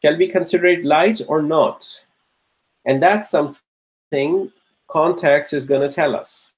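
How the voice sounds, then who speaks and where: A male teacher slowly working through grammar exercises in class, repeating each answer and checking in with the students. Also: on the high side, big pitch swings, rough recording. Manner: slow and repetitive, restates each answer; checks in with "okay?" and "right?".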